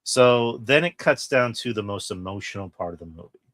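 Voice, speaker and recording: A man co-hosting a podcast, chatting casually and excitedly about a film, swearing freely and acting out quoted lines. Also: fairly low pitch, a little fast. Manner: excited, profane, retells scenes with quoted lines. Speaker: podcast co-host. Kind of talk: casual film review chat.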